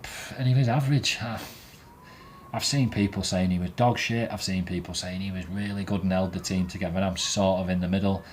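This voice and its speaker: A man's voice: deep voice, steady tone, brisk, slight background noise. A man, host of a fan show, rating players in a blunt, sweary and opinionated casual chat. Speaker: football fan podcast host.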